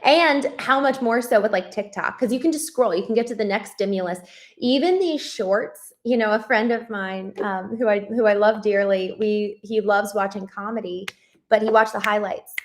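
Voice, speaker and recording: A woman's voice: medium pitch, normal speed. A woman hosting a live spiritual study stream, reflecting and greeting viewers from the chat in a casual, rambling way. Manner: warm greetings to viewers, frequent ums and restarts.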